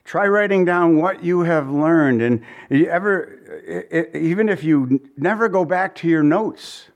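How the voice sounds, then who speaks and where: Chatty preaching man, slightly high voice. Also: unhurried, highs cut off. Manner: conversational, asks the listeners questions; restarts often, chuckles now and then. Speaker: pastor. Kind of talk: sermon.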